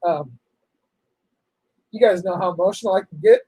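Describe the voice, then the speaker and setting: A man hosting a casual livestream, talking in an emotional, halting, apologetic way. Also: high voice, wildly swooping pitch, dark tone, husky, no room sound, poor audio. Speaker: livestream host.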